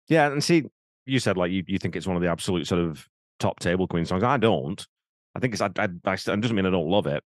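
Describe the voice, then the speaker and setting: A man co-hosts a casual podcast in a very low voice. He is blunt and swears freely, with a dry, teasing humour. His voice is recorded close and dry. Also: no echo. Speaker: podcast co-host. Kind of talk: casual chat.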